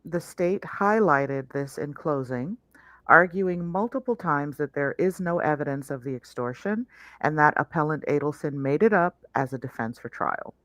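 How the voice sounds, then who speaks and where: A woman's voice: low-pitched, lively intonation, normal speed, a bit bright. A woman reads a legal brief aloud in a close, dry sound with no room echo. She works through the dense passages and drops in sardonic comments between them. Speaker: co-host reading a legal brief. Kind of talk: reading a court filing aloud with commentary.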